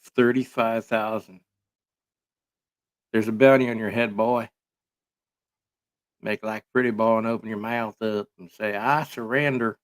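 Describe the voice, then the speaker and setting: A man's voice: fairly low pitch, level tone, normal speed, pauses often, clear, resonant tone. A man giving casual, rambling commentary full of sarcastic jokes and filler words.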